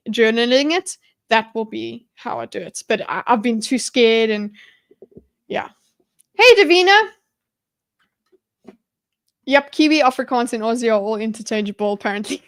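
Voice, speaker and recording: A woman talking through a mind map on a live stream, rambling and restarting her sentences as she chats with viewers. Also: fairly high pitch. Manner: rambling, self-interrupting, chatty with viewers, quick laughs. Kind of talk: thinking aloud while mind-mapping on a live stream.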